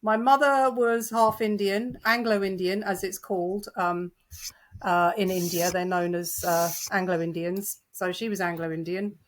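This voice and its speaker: A middle-aged woman with a British accent talks as a guest in an interview. She is lively and self-deprecating and laughs often as she tells stories. Her voice sits at an ordinary mid pitch. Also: unhurried, background noise. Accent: British English. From United Kingdom. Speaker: novelist guest. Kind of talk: conversational interview.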